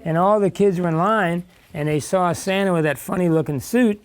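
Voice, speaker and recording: A man's voice: high voice, normal speed. An older man reading a picture book aloud to a class of young children, stopping to ask questions and explain along the way. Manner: chatty, stops to ask and explain. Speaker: guest reader in a classroom. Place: elementary school classroom.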